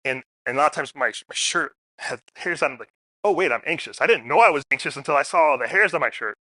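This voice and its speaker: A man speaking quickly at a medium pitch gives a storytelling talk at a public forum. He's an animated storyteller who performs the voices of the people he quotes. There's no echo.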